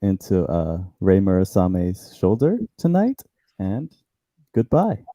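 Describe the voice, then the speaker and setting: A man's voice: deep voice, big pitch swings, takes it slowly, mellow, no room sound. A man appearing as a guest on a casual online chat, speaking in a dry, understated way.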